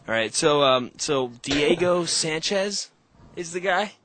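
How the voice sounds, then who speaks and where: A man's voice: a little high, slow, a bit bright. A man hosting a podcast, chatting casually with a lot of swearing and laughter. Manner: profane, rambling, laughing often. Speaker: podcast host. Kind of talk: casual chat. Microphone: call-in setup with echo.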